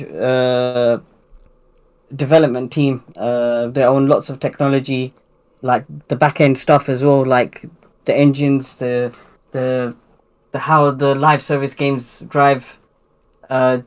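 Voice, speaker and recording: A man speaking as a panelist on a gaming podcast, hesitant and full of fillers. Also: medium pitch. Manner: hesitant, many fillers and restarts. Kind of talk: casual chat.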